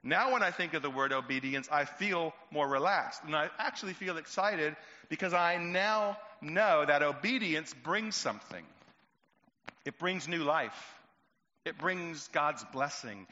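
Bright-voiced man preaching in an echoey hall. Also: fairly high pitch. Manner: earnest, slow and emphatic at key points. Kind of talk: sermon with storytelling. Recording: echoey hall, dull lo-fi sound.

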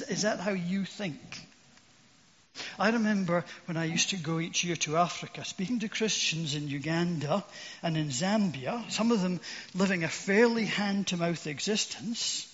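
A man's voice: high-pitched, big-room sound, lo-fi sound. An older man preaching a sermon, earnest and asking his listeners questions.

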